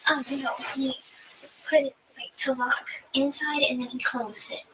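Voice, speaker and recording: A young woman answering an investigator's questions in a recorded interview, soft and hesitant with many pauses. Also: high voice, level tone. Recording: distant mic with faint hiss.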